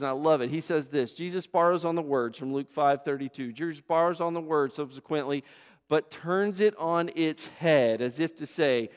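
Man, pastor, sermon; fairly high voice, long reverb of a big church hall. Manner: emphatic and repetitive, building lists of phrases; conversational asides and rhetorical questions.

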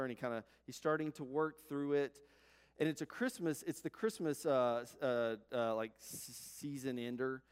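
A pastor preaching an earnest, repetitive sermon, often dropping to a soft hush. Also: male voice, a little high, smooth. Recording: long hall reverb.

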